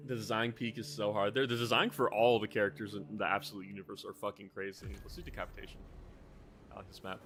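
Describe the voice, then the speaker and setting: Male streamer, lowish voice; casual, meandering, profane live chat. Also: flat delivery, quick pace, a bit bright. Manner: rambling, swears often, restarts sentences.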